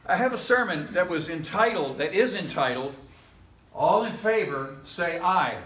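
A pastor preaches in an easygoing, joking way, drifting into chuckling asides. His voice sits a little high and sounds bright and forceful. The church room adds a strong echo. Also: animated, normal speed. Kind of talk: casual conversational sermon. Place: church sanctuary.

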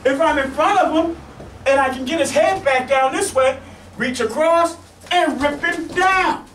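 Male self-defense instructor, very high voice, repetitive check-ins while demonstrating; echoey space, distant mic. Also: unhurried, fairly bright tone, a little hiss or hum. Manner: repetitive, checks in with "okay?" and "right?"; demonstrating moves on a partner. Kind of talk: teaching demonstration. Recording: echoey room, mic far off.

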